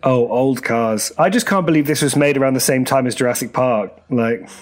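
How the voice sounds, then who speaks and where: A man co-hosts a casual watch-along of a film, cracking dry jokes and laughing along. His voice sits at a middling pitch. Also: moderate pace. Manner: wry, laughs often. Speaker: film commentary co-host.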